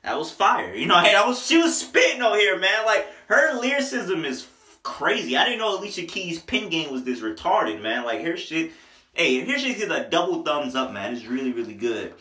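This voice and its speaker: A young man runs through an album review in a casual, joking voice full of slang. His tone is bright and a touch high. The sound bounces around an echoey room. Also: very animated, moderate pace. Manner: loose, joking, slangy, sings snippets of songs. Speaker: music reviewer.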